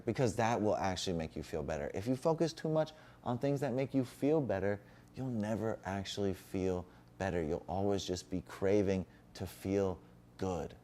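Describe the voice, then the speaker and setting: A man's voice: lowish voice, dark tone. A young man talking casually and playfully to camera from his couch, giving slangy motivational advice. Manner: playful slangy delivery, puts on voices for his dog. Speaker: fitness vlogger. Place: home, sitting on a couch.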